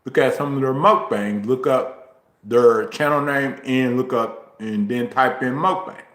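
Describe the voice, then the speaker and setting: A man talking casually on his livestream, rambling slowly and filling pauses with ums. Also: medium pitch, a bit bright, roomy sound. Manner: slow, drawn-out, rambling talk with frequent ums. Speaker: YouTuber streaming a chat. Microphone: phone, recorded while walking.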